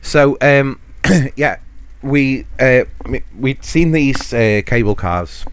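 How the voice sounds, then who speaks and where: A man's voice: mid-range voice, takes it slowly, slight background noise. A man hosting a podcast alone, telling a rambling, self-mocking holiday story with frequent chuckles. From United Kingdom. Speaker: podcast host. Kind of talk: casual solo storytelling.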